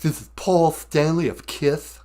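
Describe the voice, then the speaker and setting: A man doing an impression of a male rock frontman on stage with a slight lisp, shouting hype to the crowd. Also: fairly high pitch, little pitch movement, a little slow, voice pushed up, lightly acted. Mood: hyped.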